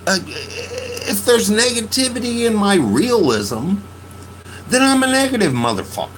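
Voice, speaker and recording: A man's voice: sits high, big pitch swings, unhurried, a little hiss or hum, rough recording. A man telling a story in a casual podcast monologue, profane and laughing, venting his emotions. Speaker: podcast host.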